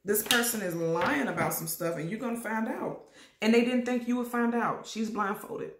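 A woman giving a casual tarot reading to her viewers, talking emphatically and repeating herself, and she keeps coughing and clearing her throat. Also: a little high, normal speed, echoey room, a little hiss or hum. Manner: repetitive, emphatic, addresses viewers directly. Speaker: tarot reader.

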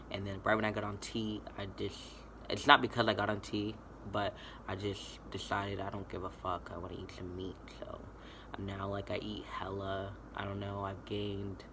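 Young man, casual vlog, low-pitched, rambling, swearing, steady background noise. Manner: rambling and laid-back, full of fillers and swearing. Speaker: vlogger. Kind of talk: casual chat to camera.

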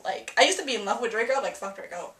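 A young woman giving a casual, profane movie reaction vlog, excitable and acting out her reactions. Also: on the high side, quick pace. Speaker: film reviewer. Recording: echoey room.

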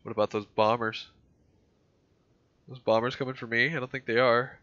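A man's voice: medium pitch, level tone, moderate pace, a bit bright, no room sound, dull audio. A man chatting and joking while playing a game with a friend, laughing often. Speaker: gamer. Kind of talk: casual gameplay chat.

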